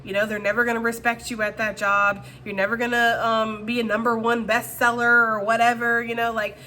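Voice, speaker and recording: Bright-voiced chatty woman tarot reader. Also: on the high side, flat delivery, a little fast, a little hiss or hum. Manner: chatty, full of fillers. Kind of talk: casual tarot reading monologue.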